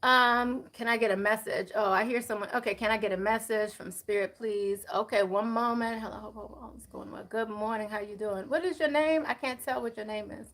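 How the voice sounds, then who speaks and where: A woman giving a chatty live tarot reading, talking to viewers and spirits, with many fillers and quick apologies. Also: fairly high pitch, fairly even intonation, fairly bright tone. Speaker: tarot reader.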